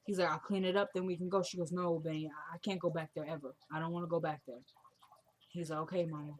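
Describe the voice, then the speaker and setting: A woman's voice: low voice, steady tone, fast, a little hiss or hum. A woman casually retelling a TV episode scene by scene, quoting each character's lines in her own voice. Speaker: TV show recapper.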